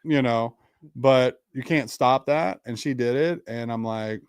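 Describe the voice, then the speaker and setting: A man's voice: mid-range voice, a little slow, smooth, dry recording, clean studio sound. A young man, a podcast guest, telling a personal story in a rambling, casual way with lots of fillers.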